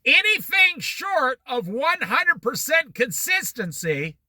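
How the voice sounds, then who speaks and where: Bright, high-voiced folksy man. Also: sing-song, slow, no echo. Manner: folksy, repeats points for emphasis. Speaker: speaker. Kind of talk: motivational talk.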